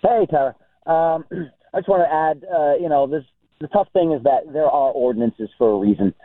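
A man's voice: fairly high pitch, normal speed, dry recording. A man calling in to a radio talk show, easygoing and joking. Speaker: radio caller. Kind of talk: phoned-in opinion. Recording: tinny phone line.

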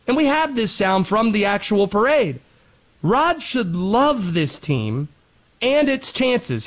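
A man hosting a sports show, delivering a lively commentary monologue and quickly rattling off statistics. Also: high-pitched, poor audio. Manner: animated, quick rattling off of stats.

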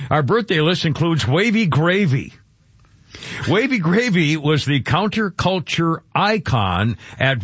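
A man's voice: on the high side, a bit bright, no echo, highs cut off. An older man hosting a radio show in casual talk, rambling, stopping himself mid-sentence and chuckling as he goes. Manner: rambling, self-interrupting, chuckling.

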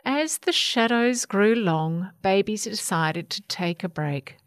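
Slow expressive woman storyteller. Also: medium pitch, dry recording, studio quality. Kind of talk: children's picture book read aloud.

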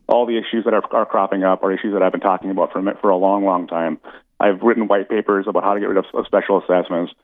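A man with a very deep voice talks quickly over a tinny phone line. He speaks in a halting way, restarting his sentences as he makes his case. The sound is dry and narrow. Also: dry recording. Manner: halting, many restarts and fillers. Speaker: city commission candidate calling in. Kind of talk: casual phone interview. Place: in Hawaii on a phone.

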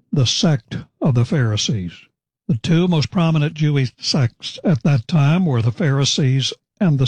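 A man preaching verse by verse, explaining scripture in a measured, deliberate way with pauses. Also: medium pitch, a little mellow, husky, no echo. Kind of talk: verse-by-verse Bible teaching.

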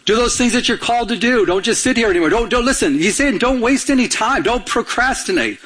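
Male pastor, high husky voice, urgent call-and-response sermon. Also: lively intonation, brisk, fairly bright tone.

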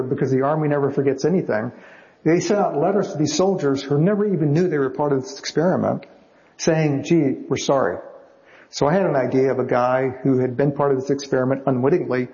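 A man, a novelist, telling lively anecdotes in an interview and acting out other people's lines. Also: mid-range voice. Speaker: novelist guest. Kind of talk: storytelling interview answers. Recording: slightly muffled recording.

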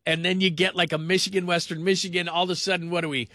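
A man hosting a call-in sports radio show, talking in a rambling, animated way that circles back on itself. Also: high-pitched, fast talker, dry recording, studio quality. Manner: rambling, animated, repeats himself.

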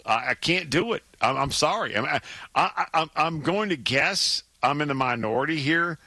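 A man co-hosting a sports radio show in casual chat, animated and emphatic, often repeating words when he gets worked up. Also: fairly high pitch, normal speed, husky, dry recording. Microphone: studio microphone.

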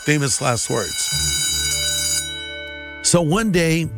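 Guy with a slightly high voice telling his testimony, animated, acts out the voices. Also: very slow, loud music behind the voice. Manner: animated, acting out dialogue. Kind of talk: personal testimony storytelling.

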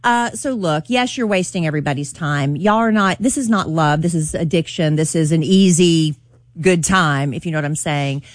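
A woman's voice: sits low, normal speed, dry recording. Woman, forties, radio love expert, blunt and sarcastic, dry close sound. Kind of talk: casual radio show chat.

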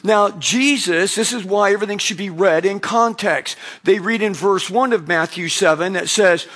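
Man, pastor, sermon, fairly high voice, chatty storytelling delivery. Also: normal speed, fairly bright tone. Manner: conversational preaching with acted-out anecdotes.

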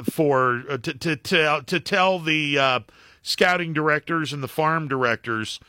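A middle-aged former baseball broadcaster telling anecdotes as a guest, with halting restarts and acted-out quotes. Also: male voice, mid-range voice, dry recording, clean studio sound. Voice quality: halting, many restarts and fillers. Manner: acts out quotes in animated anecdotes. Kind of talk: casual phone-in storytelling.

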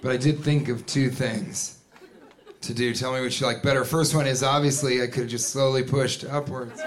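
A man performing a stand-up comedy set, animated and jumping into loud put-on voices and shouts. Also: mid-range voice, moderate pace. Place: comedy club stage with a live audience. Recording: live club recording with crowd laughter and noise. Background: audience laughing.

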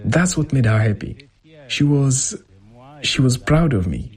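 A man with a husky voice reading a translated first-person account as a voice-over, in a lively storytelling manner. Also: mid-range voice, a little slow. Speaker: voice-over interpreter.

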